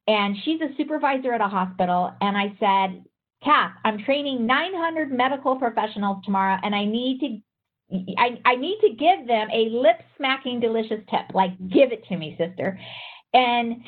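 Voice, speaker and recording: A woman giving a motivational talk to an audience as a trainer, telling a story in an animated way and quoting others in shifting voices. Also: a little high, normal speed. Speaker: speaker and trainer. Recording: tinny phone-like sound.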